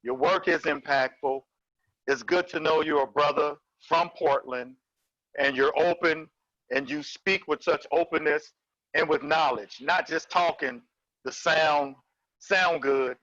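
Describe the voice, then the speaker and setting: A man, a case manager, speaking in a casual webinar chat, halting with many fillers. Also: on the high side, fairly even intonation, dry recording. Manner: warm praising, halting with fillers. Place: video call. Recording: dry, dull lo-fi sound.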